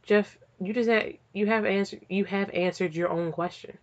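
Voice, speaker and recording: A woman's voice: mid-range voice, steady tone, moderate pace, darkish tone, close to an everyday voice. A woman voicing a sarcastic female starship AI in a dry, teasing way, on slightly dull lo-fi audio.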